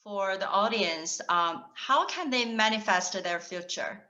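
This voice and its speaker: A woman host asking her guest a careful, slightly halting question. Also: mid-range voice, pushed and bright. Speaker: interviewer, host. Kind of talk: interview question. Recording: dull lo-fi remote audio.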